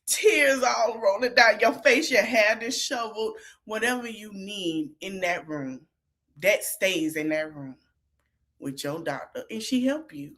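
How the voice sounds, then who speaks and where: A woman's voice: fairly high pitch, a bit bright. A woman hosting a podcast, giving sassy, chatty reaction commentary. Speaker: podcast host.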